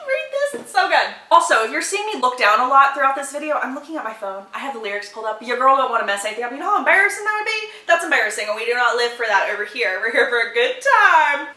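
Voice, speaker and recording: Young woman, bubbly, bright voice, casual book chat, roomy echo. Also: on the high side. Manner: bubbly, excitable, laughs and half-sings lyrics. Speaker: book content creator. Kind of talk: casual chatty book recommendations.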